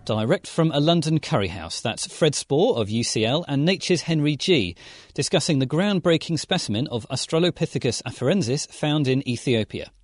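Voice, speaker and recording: A man presents as a podcast host, reading a polished script. His pitch moves a lot as he speaks, and the recording is dry and close, with no room sound. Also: expressive, moderate pace, few pauses, dry recording. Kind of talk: scripted narration.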